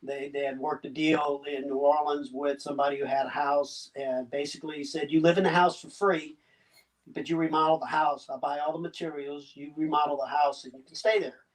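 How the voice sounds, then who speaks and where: A Cuban-born man in his sixties with a slight Southern US accent, telling his story as a guest in a casual interview, halting and chuckling as he goes. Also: on the high side, level tone. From Cuba. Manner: halting, chuckling, many restarts. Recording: distant mic.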